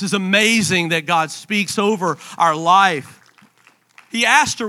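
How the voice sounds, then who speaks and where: A man in his thirties preaching a sermon in church, impassioned, dropping to a hush and then rising to emphatic lines. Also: high voice, takes it slowly. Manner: impassioned, swinging from hushed to emphatic. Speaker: pastor.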